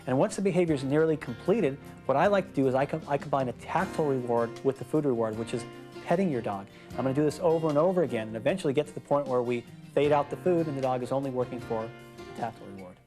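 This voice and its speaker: A man's voice: mid-range voice, quick pace, mellow, soft background music. A middle-aged man working as a dog trainer, explaining steps patiently and repeating words for emphasis in an instructional demonstration outdoors.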